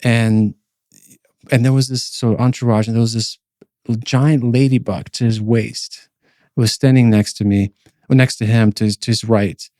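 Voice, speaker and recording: A man shares a long personal testimony on a podcast, circling back through fillers and restarts as he tells it. His voice is warm and mellow with a middle pitch. The sound is dry and close, with no room echo. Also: fairly even intonation, moderate pace. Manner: rambling, many fillers and restarts. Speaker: podcast co-host.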